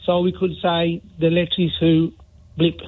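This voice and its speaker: A man's voice: fairly high pitch, completely flat delivery, measured pace. A male caller with a Black Country accent, chatting on a radio phone-in and checking in often with "yeah?" and "right?". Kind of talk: phone-in call. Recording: phone line.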